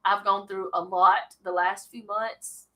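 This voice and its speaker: A woman's voice: medium pitch, little pitch movement, measured pace, sharp tone, poor audio. A woman hosting a casual Bible study, reading scripture aloud and then talking it over with chatty asides.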